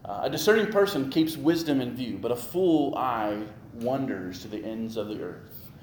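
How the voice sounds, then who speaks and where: Male pastor, mid-pitched, animated sermon delivery with repetition; echoey sanctuary recording with faint background noise. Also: moderate pace. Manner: animated preaching with rising emphasis and repetition.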